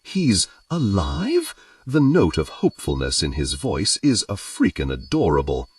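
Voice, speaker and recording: Low-voiced man reading an audiobook. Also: normal speed, no echo, distant mic. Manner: lively, expressive character reading. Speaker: audiobook narrator. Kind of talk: first-person audiobook narration.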